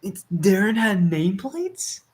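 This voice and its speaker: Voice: medium pitch, very animated, measured pace, darkish tone. A co-viewer chatting through a watch-along, giving short reactions and asking questions. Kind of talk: casual reaction chat.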